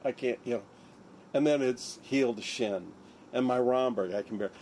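A man's voice: mid-range voice, normal speed, a little mellow, a little hiss or hum. An older man, a surgeon, recounting his story in an interview, acting out the lines of others. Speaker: interviewee, neurosurgeon.

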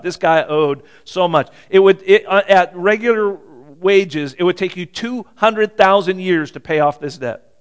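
A middle-aged man delivers a sermon to his congregation. His voice sits a little high for a man, and he keeps it conversational, breaking off for jokes and questions to the room. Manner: conversational, joking asides, asks the audience questions. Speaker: pastor.

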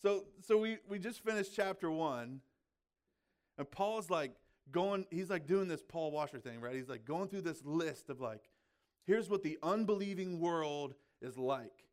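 A man's voice: a little high, expressive, a little slow. A male pastor giving a conversational sermon, talking casually and often checking in with his listeners. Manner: chatty, filled with "like" and "right?".

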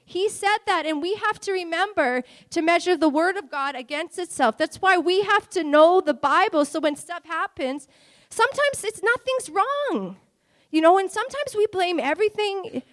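A woman preaching a sermon in an animated, conversational way, laughing lightly between phrases. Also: extremely high pitch, moderate pace, hardly any pauses.

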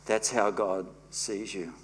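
A man preaching a sermon as pastor, emphatic and swinging between quiet and loud, leading the congregation in repeating lines. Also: lowish voice, fairly even intonation, takes it slowly, slight background noise. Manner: leads the congregation in call-and-response.

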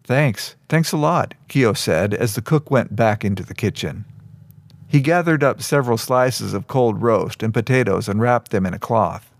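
Guy narrating an audiobook, steady even read, dry close mic. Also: fairly low pitch, moderate pace, no room sound.

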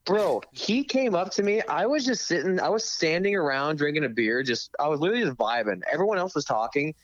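A young man in casual chat, telling stories in a profane, animated way. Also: a little high, brisk. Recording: dull lo-fi dry sound.

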